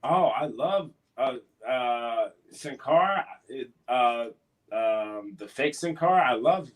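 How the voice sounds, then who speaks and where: Earnest, hesitant wrestler guest. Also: male voice, mid-range voice, animated, slow pace. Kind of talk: casual live Q&A interview.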